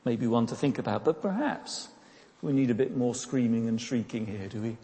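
A man preaches in a relaxed, chatty manner, tossing in questions to his listeners and stumbling over repeated words. His voice is mellow and warm. It rings out with the long reverb of a church hall. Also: medium pitch, moderate pace. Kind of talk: sermon.

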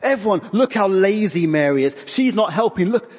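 A man voicing an exasperated, overworked woman who whines and pities herself, in a high complaining voice. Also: animated, normal speed, breathy edge, big-room sound. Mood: boastful whining. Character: exasperated overworked woman, whiny and self-pitying.

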